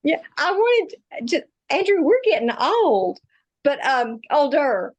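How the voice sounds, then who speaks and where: A woman's voice: high-pitched, sing-song, takes it slowly. Gushing woman on a video call. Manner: warm, gushing, laughs often. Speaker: co-host. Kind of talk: casual Zoom talk show chat.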